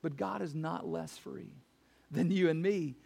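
A male pastor preaching a sermon to his church, emphatic, repeating key phrases and rising to near-shouts on his main points. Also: a little high, measured pace, creaky, breathy edge.

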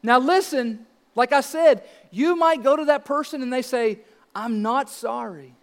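A man's voice: very high voice, moderate pace, long reverb tail. A man in his thirties preaching a sermon as pastor, earnest and emphatic, asking rhetorical questions.

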